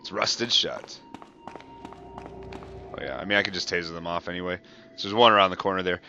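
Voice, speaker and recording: A man's voice: low voice, moderate pace, dull audio, noisy background. A man giving casual, chatty walkthrough commentary, joking at his own expense and swearing when startled. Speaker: gameplay commentator. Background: game music.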